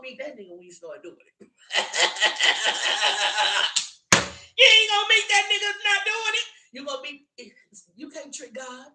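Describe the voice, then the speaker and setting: A woman's voice: high voice, animated, normal speed, sharp tone, reverberant. A woman with a South Louisiana Southern drawl giving a blunt, profane, preachy tarot reading. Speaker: tarot reader. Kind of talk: solo tarot reading monologue.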